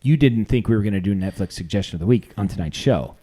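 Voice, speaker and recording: Rambling deadpan podcast co-host man. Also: lowish voice, quick pace. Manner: rambling, deadpan self-mocking jokes. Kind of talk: casual comedic chat.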